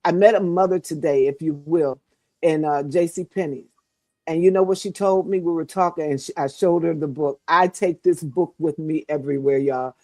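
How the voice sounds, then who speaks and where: A woman's voice: deep voice, normal speed, darkish tone, no room sound. An older woman guest speaking with fervent, sermon-like cadence, encouraging mothers. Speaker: guest co-author. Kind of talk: preaching-style encouragement.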